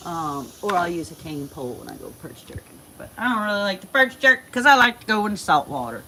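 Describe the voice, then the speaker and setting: A woman's voice: fairly low pitch, big pitch swings, a little fast, sharp tone, a little hiss or hum. A woman hosting a casual livestream, folksy and chatty, talking to her animals and her viewers. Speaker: livestream host.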